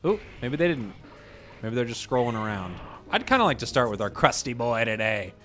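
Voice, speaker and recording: A man hosting a gaming video, chatting casually about his matches and bursting into loud excitement at big plays. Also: mid-range voice, brisk, soft background music. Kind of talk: casual gameplay commentary.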